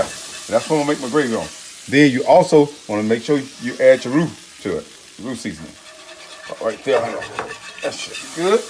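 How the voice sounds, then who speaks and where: A man talks through a home cooking video in a folksy, excitable way, his voice at an ordinary middle pitch. Food sizzles quietly on the stove behind him in the home kitchen. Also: background noise. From Texas. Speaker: home cooking channel host. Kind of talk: casual cooking video talk.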